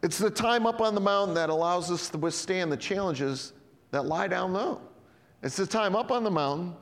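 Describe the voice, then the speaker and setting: Middle-aged male pastor, higher-pitched voice, animated conversational sermon, long hall reverb. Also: moderate pace. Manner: animated, conversational preaching with sudden drops to quiet emphasis.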